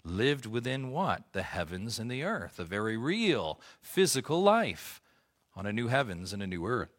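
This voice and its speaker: A man preaching a sermon to his church, reading scripture and teaching, swelling to emphatic peaks and dropping to quiet lows. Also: very animated, moderate pace. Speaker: pastor.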